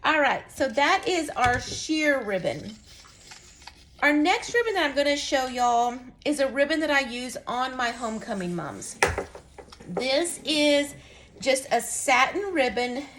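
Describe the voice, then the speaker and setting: Woman, folksy chatty craft teacher, fairly high voice, faint background noise. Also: expressive, a little slow, fairly bright tone. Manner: folksy, chatty, addresses viewers as y'all. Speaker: craft instructor. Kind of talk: casual live craft demonstration.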